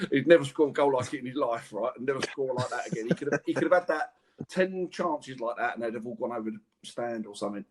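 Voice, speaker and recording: Husky man telling stories. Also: mid-range voice. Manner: animated anecdotes, laughs through stories, slangy. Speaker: former professional footballer, podcast guest. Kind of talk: casual storytelling chat.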